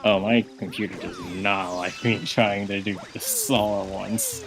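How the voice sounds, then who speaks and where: A man's voice: lowish voice, steady tone, a little slow, over music. A man chatting casually on a livestream, with a laid-back, dry, joking manner. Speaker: co-host on stream.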